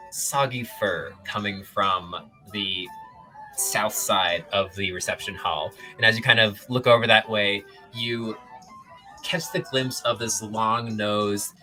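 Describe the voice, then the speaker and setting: A woman narrating a tabletop game as game master, lively and descriptive. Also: a bass voice, rough recording. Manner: lively, descriptive, hesitant fillers.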